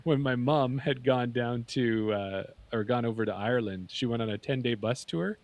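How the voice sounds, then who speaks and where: A man's voice: mid-range voice, moderate pace, no room sound. A man from Canada co-hosting a podcast, joking and chatting casually with his co-host. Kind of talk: casual chat.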